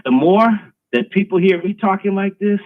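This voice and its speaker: A man's voice: high-pitched, moderate pace. A man hosting a live stream, delivering an emphatic, preachy, provocative monologue. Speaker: host. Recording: tinny phone-like line.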